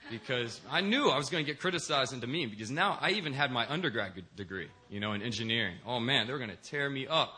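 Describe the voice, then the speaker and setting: A man's voice: mid-range voice, lively intonation, fast talker, few pauses, bright, forceful tone. A young man, a deacon, preaching a sermon in a church and telling stories with acted-out voices. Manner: storytelling, acts out quoted voices. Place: church in Korea.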